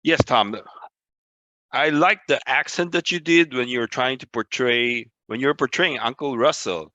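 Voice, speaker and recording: A man's voice: mid-range voice, moderate pace, pushed and bright, dry recording, highs cut off. A man giving casual spoken feedback in an online meeting.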